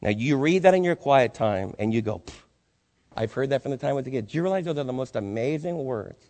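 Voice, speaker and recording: A man's voice: mid-range voice, expressive, quick pace, darkish tone. A male pastor preaching a sermon, asking the congregation rhetorical questions with rising intensity. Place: church sanctuary. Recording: long reverb in a church hall.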